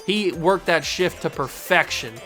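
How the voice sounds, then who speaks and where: A fairly high-voiced man gives casual, running play-by-play of a baseball video game he is playing. He talks to the players and the game as if they could hear him. He swings quickly from muttering to excited yelling, with faint music underneath. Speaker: gaming channel host.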